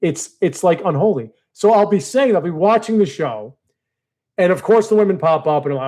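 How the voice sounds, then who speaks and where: A man ranting casually to his audience, profane and exasperated, swinging between low mutters and heated outbursts. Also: expressive, quick pace, darkish tone. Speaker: video creator. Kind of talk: casual rant to camera.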